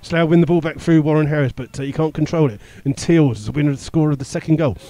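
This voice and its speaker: A man's voice: a little high, fast, dark tone, dry recording. A man giving live radio commentary on a football match, rattling off play-by-play with the odd filler and chuckle. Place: stadium commentary position.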